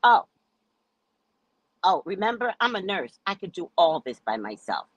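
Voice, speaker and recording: A woman hosts a casual talk stream, lecturing in a sassy, emphatic way. Her husky voice swings widely up and down, and the sound is dry and close. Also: on the low side, big pitch swings, unhurried, no echo, lo-fi sound. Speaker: host. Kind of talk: casual commentary livestream.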